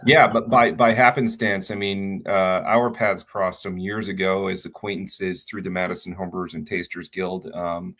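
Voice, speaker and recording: A man, a brewery co-owner, talking in a relaxed, friendly way as a guest. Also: sits low, normal speed, hardly any pauses. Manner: relaxed, friendly, many fillers. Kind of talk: casual interview chat.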